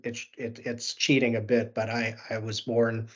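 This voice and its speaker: A Canadian man in his fifties hosts a podcast interview, his voice slightly husky. He talks eagerly and stumbles into frequent restarts. The call audio sounds a little dull and muffled. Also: medium pitch, little pitch movement, a bit bright. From South Africa. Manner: eager, halting, full of restarts. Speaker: podcast host.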